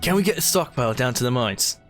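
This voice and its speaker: Guy reading game lines out loud, chatty asides, bit of music behind. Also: medium pitch, lively intonation, quick pace. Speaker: gamer reading game dialogue aloud. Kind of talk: casual let's-play narration.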